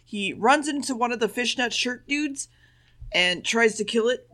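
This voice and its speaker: A woman's voice: on the high side, expressive, unhurried, bright, forceful tone. A woman co-hosting a podcast, casually recapping a show with blunt, sarcastic asides. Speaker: podcast co-host.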